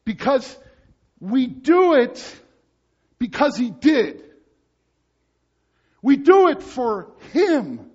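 Male pastor, high voice, emphatic sermon, loud-then-quiet delivery, dull lo-fi recording. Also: big pitch swings, drawn-out words, pauses often. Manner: emphatic preaching, swinging between loud urgent passages and low quiet ones.

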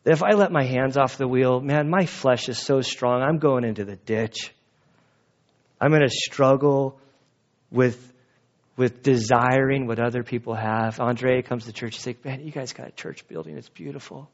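Man, pastor, sermon, animated storytelling, laughs often, dull sound. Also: mid-range voice, measured pace. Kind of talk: sermon with closing prayer.

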